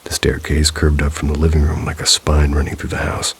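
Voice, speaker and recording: A man's voice: very deep voice, completely flat delivery, fairly quick, vocal fry, slightly rough. A man narrating first-person paranormal stories in a scripted way, dropping dry, wry asides. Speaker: storyteller reading viewer stories.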